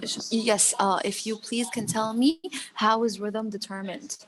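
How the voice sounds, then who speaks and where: A woman's voice: a little high, level tone, measured pace, slight background noise. Female teacher repeating explanations. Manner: repetitive, explanatory, fills with "okay". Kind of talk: online English lesson.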